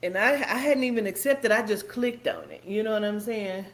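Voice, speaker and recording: A woman's voice: mid-range voice, moderate pace. A woman livestreaming, commenting in a profane, heated rant.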